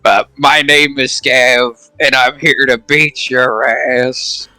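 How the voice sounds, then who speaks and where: A man voicing a defiant male goblin warrior who speaks a slow challenge. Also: mid-range voice, fairly even intonation, pushed and bright, dry recording, heavily acted.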